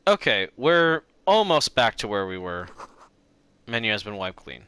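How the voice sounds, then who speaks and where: A man's voice: fairly low pitch, big pitch swings, a little slow, a bit bright, clear, resonant tone. A man streaming a game, chatting casually and self-mockingly, swearing now and then, and reading game text aloud.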